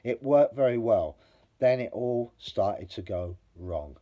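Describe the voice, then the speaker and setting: Speaking directly to camera, a male vlogger delivers an opinionated review in a blunt, rambling monologue, swearing freely and growing heated as he argues. His mid-pitched voice is dark and mellow, animated yet slow-paced, and the recording sounds muffled.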